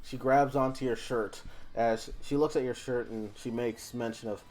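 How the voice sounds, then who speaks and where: A man narrating as game master of a tabletop game, animated and quick to laugh. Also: mid-range voice, soft background music.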